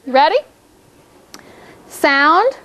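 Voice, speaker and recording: An upbeat woman teacher leading a phonics drill in a classroom, her voice pitched high and bright. She coaxes the children along playfully, with a faint hum of room noise behind her. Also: lively intonation, drawn-out words. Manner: upbeat, coaxing, playful game framing.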